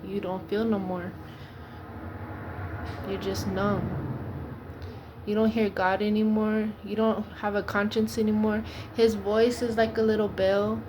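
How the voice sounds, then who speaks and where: Casting: woman preacher, earnest and pleading, steady narrow pitch, noisy recording. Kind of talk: informal preaching monologue.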